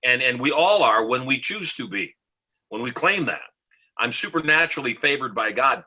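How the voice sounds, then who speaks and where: A man's voice: mid-range voice, animated, moderate pace, pushed and bright, husky, low-quality recording. A middle-aged man from the United States, a motivational speaker, telling a story confidently as a podcast guest and acting out the dialogue. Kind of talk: storytelling in an interview.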